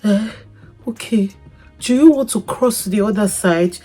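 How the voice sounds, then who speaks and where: A young woman, telling a personal story in a casual vlog, animated and laughing, jumping between loud outbursts and soft asides. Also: mid-range voice, a little slow, soft background music. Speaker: vlogger.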